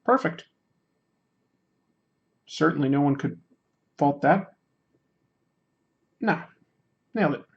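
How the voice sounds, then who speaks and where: A man's voice: a little high, takes it slowly, vocal fry, long pauses, lo-fi sound. A man hosting a casual livestream, reading chat aloud and joking about himself while he draws. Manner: reads chat aloud, self-deprecating and joking. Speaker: livestream host.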